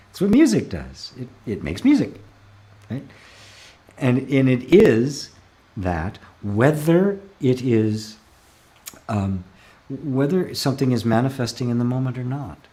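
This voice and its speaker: A spiritual teacher hosts a live Q&A, reading viewer comments aloud and answering calmly and reflectively. His medium-pitched voice often slows to stress key words, and he laughs softly now and then.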